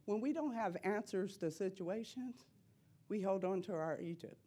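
A middle-aged woman giving an impassioned preaching testimony in church, repeating phrases and rising to loud cries. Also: mid-range voice, normal speed, slightly rough.

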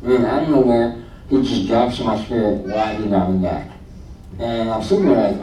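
A man's voice: lowish voice, normal speed, warm tone, far from the mic, slight background noise. A man in his thirties giving a personal testimony to a church congregation, telling his story animatedly and acting out his own thoughts with laughter. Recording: roomy hall, speaker away from the mic, faint ambience.

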